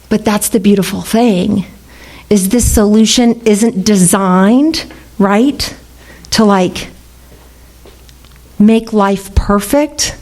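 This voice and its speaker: Speaking slowly with fairly even intonation, a middle-aged woman tells her recovery story at a meeting. Her mid-range voice has a darkish tone, and she's frank, laughs often and curses freely in the meeting room.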